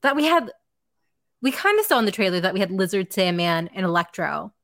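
A young woman co-hosting a casual chat, excited and full of fillers. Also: medium pitch, fairly quick, no echo, studio quality. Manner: chatty, excited, uses many fillers. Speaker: podcast co-host.

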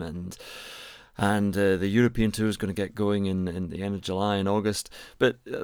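A man co-hosts a casual chat with a fairly low voice. He talks in a relaxed way and chuckles now and then. The sound is close and dry. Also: smooth, no room sound. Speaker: podcast co-host.

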